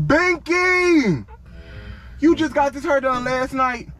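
A young man with a high voice scolds his friend in a car, piling on profanity and over-the-top threats. His delivery is loud and dramatic, and faint music plays in the background. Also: slow. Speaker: prank video co-star. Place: inside a car.

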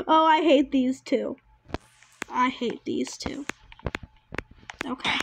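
A woman giving casual gameplay commentary, chatty and excitable and easily startled. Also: high-pitched, takes it slowly, gravelly, pauses often, a little hiss or hum. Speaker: gamer.

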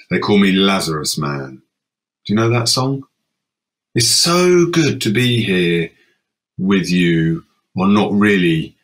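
A man performing his own spoken-word monologue on stage, wry and lilting, moving between hushed lines and sudden exclamations. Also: lowish voice.

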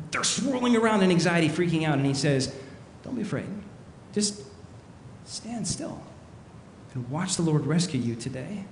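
A fairly high-voiced man preaches in a big, echoey hall where his words ring out with a long reverb. He tells his story with animated energy and acts out the panicked voices of the people in it. A faint hiss sits under the recording. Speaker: pastor. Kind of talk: sermon.

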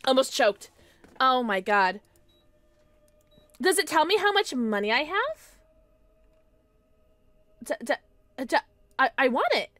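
A woman streamer giving excitable, jokey live gameplay commentary, quick to laugh. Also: high-pitched, no echo, faint music behind.

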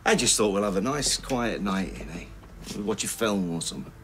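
A man's voice: fairly low pitch, animated, fairly quick, fairly bright tone, a little hiss or hum. A man with a Northern English accent in a television soap drama, talking in a jokey, easygoing way at home.

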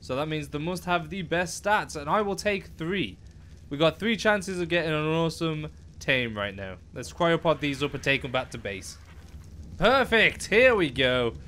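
Excitable young man narrating gameplay. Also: on the high side, moderate pace, a little hiss or hum. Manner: excitable, talks to the animals, exclaims often. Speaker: gaming YouTuber. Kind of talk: let's play commentary.

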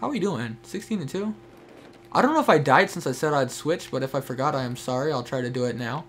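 A man's voice: medium pitch, expressive, fast, a bit bright, a little hiss or hum. A young man giving casual, chatty commentary while playing a shooter game, talking to teammates and viewers. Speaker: gameplay streamer. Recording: faint game gunfire behind.

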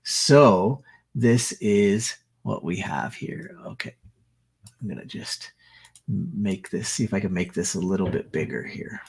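A man's voice: low voice, lively intonation, unhurried, gravelly, darkish tone, breathy edge. A man hosting a business show, talking casually with sarcastic asides and frequent "right?" checks while sharing his screen. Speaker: podcast host. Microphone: screen-share recording.

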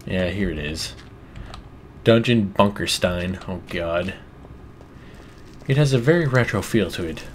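A man with a scratchy voice giving excitable let's play commentary, swearing often and bursting into exclamations. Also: sits low, measured pace, pauses often. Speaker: gamer commentator.

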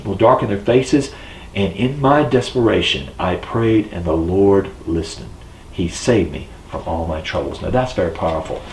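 A man's voice: on the low side, a little mellow. A man preaching a children's sermon, reading scripture and encouraging listeners in an earnest way. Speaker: pastor. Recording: echoey room with faint hiss.

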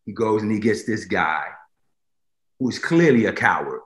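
A man's voice: lowish voice, animated, measured pace, a bit bright. A man preaching a sermon, emphatic, repeating phrases for stress and asking his listeners directly if they follow. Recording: roomy echo.

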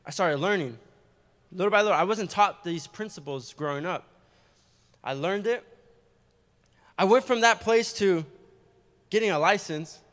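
A young adult man preaching a testimony sermon in a church, animated and storytelling, with quick asides. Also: high-pitched. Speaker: guest preacher giving testimony. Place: church sanctuary. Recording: long hall reverb.

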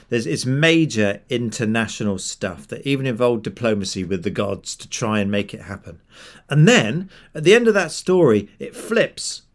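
A male preacher at medium pitch, telling a Bible story in an easy conversational tone. He acts out what each character says as he goes. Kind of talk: sermon retelling a Bible story.

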